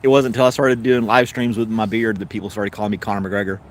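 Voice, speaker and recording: Here the Southern American, middle-aged stream host sounds lowish and flat and talks quickly, with a faint hiss or hum in the audio. He chats with his viewers and wanders through long stories, stumbling over fillers, restarting, fixing his words and laughing easily.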